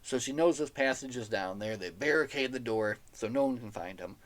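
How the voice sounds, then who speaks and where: A man's voice: mid-range voice, animated, a little fast, fairly bright tone. A man hosting a podcast, recapping a novel in a casual, enthusiastic way, chatty and laughing now and then at the silly plot. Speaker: podcast host reviewing a novel.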